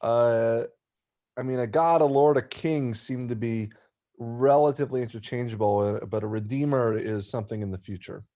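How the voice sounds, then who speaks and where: A man's voice: medium pitch, normal speed, warm tone. A man in a class discussion, offering his view with some hesitation. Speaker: class participant.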